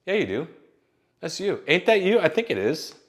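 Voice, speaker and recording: A man's voice: fairly high pitch, sing-song, moderate pace, pitched above the performer's own voice. A man putting on a pushy older grandma. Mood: insistent. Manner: insistent, coaxing.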